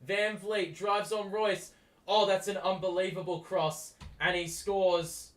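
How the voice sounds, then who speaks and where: A man calling a basketball game live for his stream audience, and his voice sits a little higher than most men's. He talks straight at the players, swearing when a play annoys him and surging when a shot drops. His delivery is quick, rough-edged play-by-play mixed with fan ranting. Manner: excitable, swears often, talks back at the players. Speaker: host. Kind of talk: live sports watchalong commentary.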